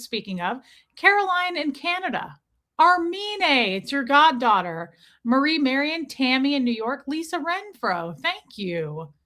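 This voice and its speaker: A woman's voice: fairly high pitch, pushed and bright. A middle-aged woman hosting a casual livestream, greeting viewers by name in a chatty, affectionate way, calling them babe and girl and poking fun at herself. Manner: self-deprecating, laughs often, bits of mild swearing. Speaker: livestream host.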